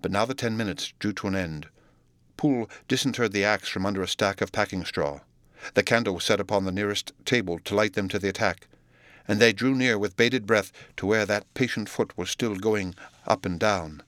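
A man with a low voice narrates a classic novel as an audiobook. His reading is measured and steady. The recording is dry and close, with no room sound. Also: dry recording. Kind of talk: scripted narration.

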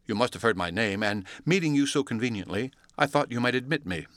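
A man voicing a respectable middle-aged lawyer who speaks in a measured, formal, earnest way, read from a classic story. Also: medium pitch, lively intonation, a bit bright, no echo, studio quality, natural voice. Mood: polite, probing.

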